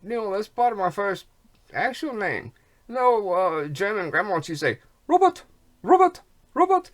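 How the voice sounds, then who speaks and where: Sounding congested and coughing, a vlogger wanders through a monologue at normal speed, repeating himself and tossing in rhyming wordplay and folksy slang. The voice is mid-range and fairly bright, with lively intonation.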